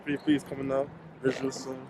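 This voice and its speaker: A man's voice: medium pitch, completely flat delivery, fairly quick, a little mellow. A man, the vlogger's boyfriend, dropping short casual remarks to her camera. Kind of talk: casual aside. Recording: camera audio with clear background noise.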